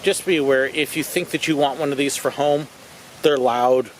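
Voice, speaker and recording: A man's voice: medium pitch, steady tone, moderate pace, a little hiss or hum, poor audio. A middle-aged man casually narrating a walk around an outdoor zoo, with wry, joking tour-guide remarks. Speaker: vlog host.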